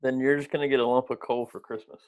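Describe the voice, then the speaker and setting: A man from South Carolina, a student, speaks with a Southern US accent. He tosses out dry, joking replies to his teacher in a voice of ordinary pitch. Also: flat delivery, fast talker, smooth.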